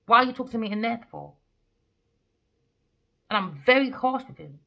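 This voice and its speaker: A woman's voice: fairly high pitch, expressive, moderate pace, creaky, a bit bright, dull audio. A woman giving a casual tarot reading, talking bluntly and animatedly and swearing freely. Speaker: tarot reader.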